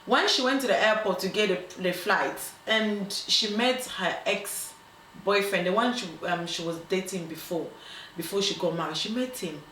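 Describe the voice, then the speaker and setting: A woman casually telling a dilemma story as host. She talks in an animated way, acts out the quoted voices, and often stops on ums and restarts. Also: medium pitch, normal speed. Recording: roomy echo, faint background noise.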